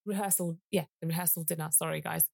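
Woman with a gravelly low voice. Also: fast, dry recording, studio quality. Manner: animated storyteller, emphatic, frequent asides. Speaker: podcast co-host. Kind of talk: casual late-night chat.

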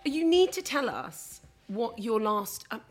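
A woman's voice: a little high, lively intonation, measured pace, faint music behind. A woman hosting a casual chat with playful interjections. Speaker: host.

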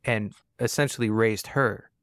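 A man hosting an interview, asking gentle questions and answering the guest's stories with short affirmations. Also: on the low side, a little slow, no room sound, clean studio sound. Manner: attentive, asks questions and reacts with short affirmations. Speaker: podcast host. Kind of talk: casual interview.

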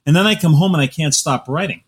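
A man talking as a novelist guest on a podcast, telling animated stories and laughing often. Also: fairly high pitch, fast talker, slightly rough. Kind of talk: casual podcast conversation.

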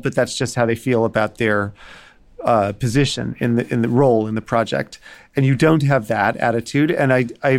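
A man, an interior designer, speaking candidly and wryly in a panel discussion. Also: medium pitch.

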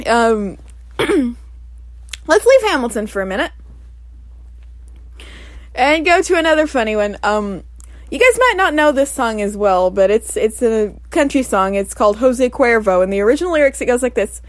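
Giggly high-voiced woman podcast host. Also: sing-song, normal speed, long pauses, no room sound. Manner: giggly, often breaks into laughter; playful, jokey asides. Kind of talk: casual solo podcast chat.

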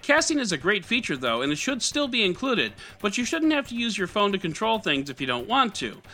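A man's voice: high voice, very animated, a little fast, sharp tone. A man hosting a scripted tech news podcast with a wry, sarcastic delivery. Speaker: podcast host.

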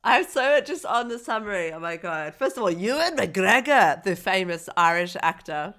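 A woman chatting about a film she found tiresome, her voice bright and clear, in a middle register. She tells her reactions with lively, exaggerated outrage and frequent laughter. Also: medium pitch, normal speed. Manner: animated, laughing, mock-outraged impressions. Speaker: podcast co-host. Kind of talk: casual film review chat.

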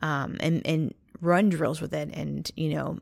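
Gravelly woman rambling through a story. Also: low voice, fairly even intonation, a little slow, no room sound, studio quality. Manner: rambling storytelling, heavy use of "like". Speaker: podcast co-host. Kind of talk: faith podcast conversation.

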